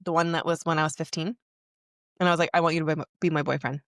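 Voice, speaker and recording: A woman's voice: low voice, steady tone, racing, dry recording, clean studio sound. A young woman hosting a podcast, telling an emotional personal story in a candid, rambling way full of "like". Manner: candid, emotional, heavy use of "like". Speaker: podcast host.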